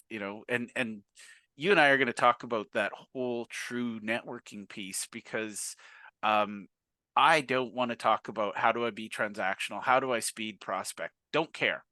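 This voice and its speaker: A man hosting a podcast interview, telling stories in an animated, excitable way. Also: mid-range voice, no echo. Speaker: podcast host.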